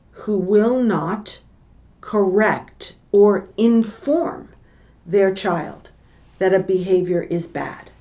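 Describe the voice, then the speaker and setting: An older woman giving a lesson with personal stories, talking in a slow, measured way and repeating her key points. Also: medium pitch, a little mellow, muffled recording. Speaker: teacher.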